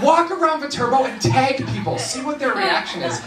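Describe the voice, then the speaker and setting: Animated young man doing stand-up. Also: very high-pitched, fairly quick, hardly any pauses, music in the background. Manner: animated, self-mocking, swings between loud bits and mumbled asides. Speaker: stand-up comedian. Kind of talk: live stand-up routine. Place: university event hall, live audience. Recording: echoey hall from far off, noisy.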